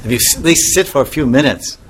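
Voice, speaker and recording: A spiritual teacher gives a casual devotional talk in an expressive, medium-pitched voice at a quick pace, often chuckling and restarting sentences. He acts out little scenes in different voices within his anecdotes, and there's a little hiss or hum on the recording.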